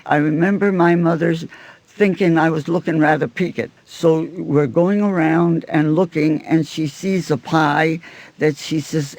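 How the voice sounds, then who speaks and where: A woman's voice: sits low, fairly even intonation, a little slow, a little mellow, no echo. An older woman recalling a childhood train journey in a chatty storytelling way. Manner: chatty storytelling with small laughs. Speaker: interviewee. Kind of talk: archival oral history recollection.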